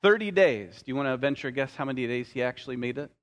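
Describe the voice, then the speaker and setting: A male pastor preaching a sermon, telling stories with light humorous asides and slowing down to stress key phrases. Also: mid-range voice, expressive.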